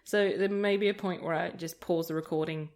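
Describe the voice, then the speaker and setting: Chatty woman, lowish voice. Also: steady tone, fairly quick, a little mellow. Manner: rambling anecdotes with frequent laughter. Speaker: gaming video creator. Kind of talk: casual let's-play chat.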